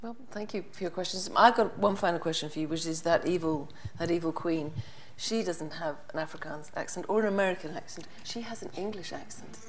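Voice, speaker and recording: A woman's voice: lowish voice, fairly quick, few pauses. A woman hosting an onstage question-and-answer session with polite, formal phrasing. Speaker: host. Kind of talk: moderating an onstage Q&A.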